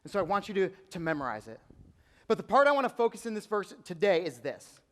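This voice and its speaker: High-voiced young preacher in a big reverberant hall. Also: male voice, fast talker. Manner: animated storytelling, acting out quotes. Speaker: youth pastor. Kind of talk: youth sermon. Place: large church auditorium. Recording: long reverb of a large hall.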